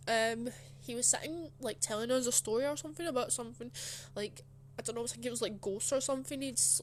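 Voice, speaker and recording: Higher-voiced woman telling a story. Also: a little hiss or hum. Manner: rambling, many fillers, soft and emotional. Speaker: channel host. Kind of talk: casual personal storytelling.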